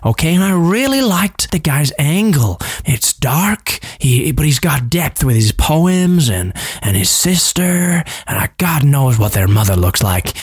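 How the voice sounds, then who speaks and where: A man doing an excitable impression of a film star. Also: mid-range voice, dry recording, studio quality. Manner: gushing, excitable.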